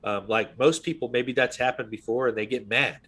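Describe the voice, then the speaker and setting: A man's voice: mid-range voice, steady tone, fairly quick, fairly bright tone, husky. Podcast host, man in his thirties: loose, rambling storyteller, middle-range voice. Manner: rambling storyteller, full of "you know what I mean". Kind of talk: casual conversation.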